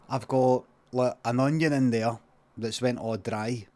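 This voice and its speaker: A man with a Scottish accent telling an improvised comic story on a livestream, rambling and deadpan with many asides. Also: mid-range voice, a little slow. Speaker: comedian and streamer.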